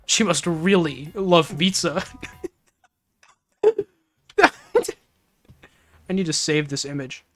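A chatty, giggly streamer talking over a video game in a casual let's-play. The voice sits at an everyday pitch, with faint game music playing in the background. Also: slow, long pauses. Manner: chatty and giggly, laughs often.

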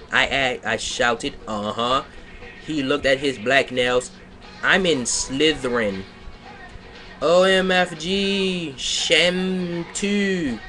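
A man reads a clumsy piece of fiction aloud at an unhurried, deliberate pace, his voice slightly high and bright. He keeps stopping to scoff at it with sarcastic commentary. Faint music plays underneath. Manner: sarcastic, breaks off to rant and laugh. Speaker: reader mocking a fan fiction. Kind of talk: comedic dramatic reading with commentary.

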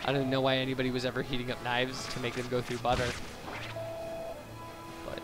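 A young let's play commentator rambles casually over his gameplay, drifting into side tangents and correcting himself mid-sentence. His medium-pitched voice is monotone and fairly quick. He's on a boosted home microphone, with faint game music in the background.

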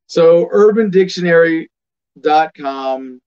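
A male commentator with a fairly high voice speaks in a sardonic, emphatic tone and delivers his opinions as a running monologue. The sound is dull and lo-fi. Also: slow pace, smooth. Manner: sardonic, emphatic, reads text aloud. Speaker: host of a political commentary show.

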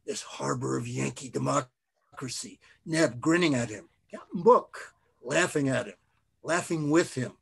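A man, an author, reading his own novel aloud in a measured, expressive way. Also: mid-range voice, creaky, husky.

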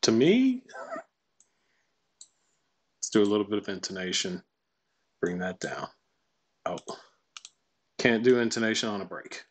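A man walking through a software tutorial casually, thinking aloud and reading lines out to test them. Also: lowish voice, normal speed, long pauses, dull audio. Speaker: tutorial presenter. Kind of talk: screen-recorded software tutorial.

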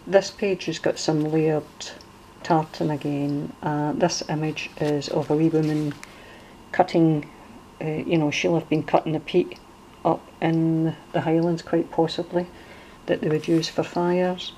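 Glasgow woman in her middle years flipping thru a craft journal, low mellow voice, chatty n rambly, faint hiss behind. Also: little pitch movement, unhurried, poor audio. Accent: Glaswegian Scottish. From Scotland. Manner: chatty, wandering, with many fillers and restarts. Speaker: crafter showing a junk journal. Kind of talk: casual show-and-tell.

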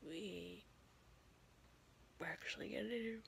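Sleepy woman whispering slowly. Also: medium pitch, steady tone, vocal fry, slight background noise, poor audio. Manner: hushed, rambling, trailing off with soft laughs. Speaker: vlogger. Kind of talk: whispered late-night vlog.

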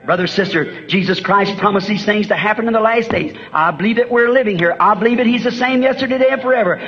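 A man's voice: sits high, quick pace, few pauses. A man preaching a revival sermon and leading prayer, speaking with impassioned fervor that rises into fervent cries. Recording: dull old tape recording of a sermon.

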